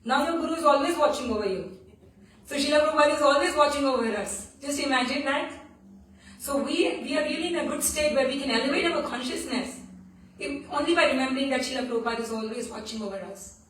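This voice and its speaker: Talking fast in a high, slightly bright voice, a woman gives a devotional scripture lesson in a temple hall, earnestly telling stories with many restarts. The audio has a little hiss or hum and comes from far off in an echoey room.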